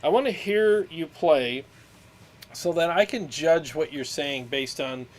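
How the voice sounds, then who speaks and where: A man co-hosting a casual livestream chat, joking and laughing easily. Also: on the high side. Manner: joking, animated, quick laughter. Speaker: co-host of a gear livestream.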